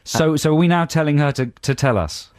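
A man's voice: a little high, fairly quick, no room sound. A man co-hosting a radio show, bantering dryly and teasing callers. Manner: dry, joking, teasing. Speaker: radio co-host.

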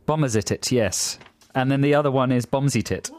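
A man's voice: medium pitch, fairly quick, darkish tone. A man co-hosting a casual chat show, reading listener emails with giggly, playful banter. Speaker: podcast co-host.

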